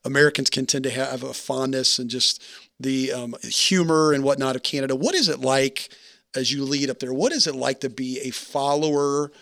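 A man's voice: medium pitch, steady tone, normal speed, creaky, fairly bright tone, no room sound. A man in his forties hosting a podcast, with a mid-range voice. He talks in a chatty, effusive way and asks curious questions, and the sound is dry and close. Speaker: podcast host. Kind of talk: casual interview talk.

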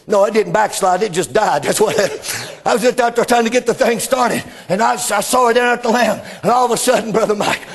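A middle-aged man, preaching a sermon with fervor, often rising into shouted exclamations. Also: high voice, fairly quick, husky.

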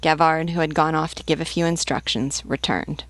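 A woman reading a classic novel aloud in a measured, deliberate narration. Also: low voice, steady tone, no room sound. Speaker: audiobook reader. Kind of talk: literary audiobook narration.

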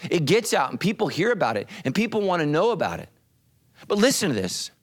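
A middle-aged pastor from the United States preaching a sermon, emphatic and animated, with asides to the congregation. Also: male voice, fairly high pitch, brisk.

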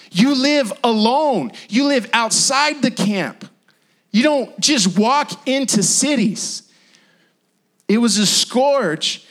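High-voiced, slow, emphatic male preacher. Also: a bit bright. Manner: emphatic, repetitive preaching with dramatic pauses. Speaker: pastor. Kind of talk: sermon.

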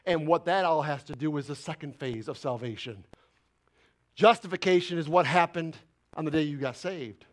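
A male pastor preaching a sermon with fervent bursts of loud emphasis that drop into quiet asides. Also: fairly high pitch, normal speed. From Italian heritage.

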